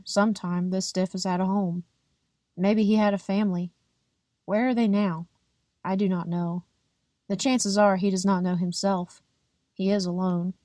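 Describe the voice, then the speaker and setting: A woman narrating a first-person audiobook in a plain, measured, unhurried reading. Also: on the low side, a little mellow, no room sound, clean studio sound. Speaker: audiobook reader.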